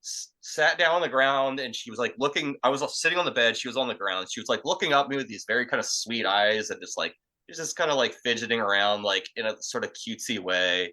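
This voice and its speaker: A man's voice: mid-range voice, fast talker, low-quality recording. A young man casually telling a crude story, rambling and profane, full of fillers. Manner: rambling, profane, filler-heavy, acts out quotes loudly. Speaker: podcast storyteller.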